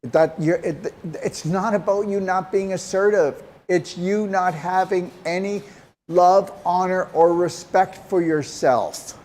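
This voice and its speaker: A man's voice: sits high, slow, a little mellow. A man giving health advice to a caller, talking directly and emphatically and pressing her with pointed questions. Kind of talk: call-in advice talk.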